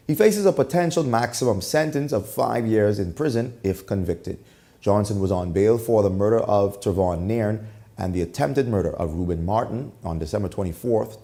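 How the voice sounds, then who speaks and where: A male news anchor reads stories in a steady, formal way. His voice sits low and sounds mellow and relaxed, with nothing bright in it. He is from the Bahamas. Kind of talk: news reading.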